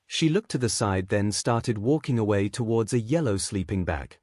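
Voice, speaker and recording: Male narrator for a fan-fiction reading; animated intonation, dry booth sound. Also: lowish voice, normal speed, dry recording. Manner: reads every part in one voice.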